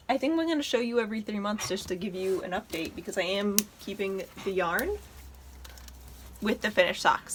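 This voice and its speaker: A woman's voice: medium pitch, a bit bright, a little hiss or hum. A woman hosting a knitting podcast, chatting casually and enthusiastically as she shows her projects at home. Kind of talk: casual show-and-tell chat.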